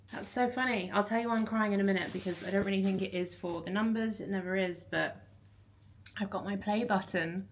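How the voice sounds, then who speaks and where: A woman in her thirties, vlogging casually from her flat, candid and rambling with lots of fillers. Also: medium pitch, a little fast, a little hiss or hum. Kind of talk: casual chatty vlog.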